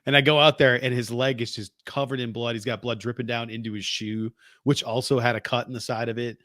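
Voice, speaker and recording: A man's voice: mid-range voice, brisk, dry recording. Chatty man, bone-dry sound. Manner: chatty, self-deprecating, animated storytelling. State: getting over a cold. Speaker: podcast co-host. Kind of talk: casual chat.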